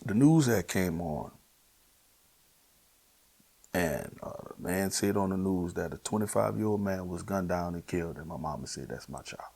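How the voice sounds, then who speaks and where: A man with a New Orleans accent telling his personal testimony, earnest and emotional, at times sinking to a hushed near-whisper. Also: sits low, lively intonation, moderate pace, gravelly, long pauses. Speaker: guest sharing his testimony.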